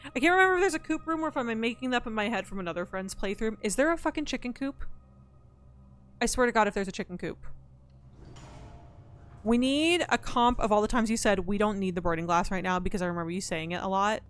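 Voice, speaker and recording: Quick and expressive, a woman's mid-range voice carries her through a streamed puzzle game. She talks through her thinking, responds to her chat and to the game's characters, and swears in frustration while chatting live.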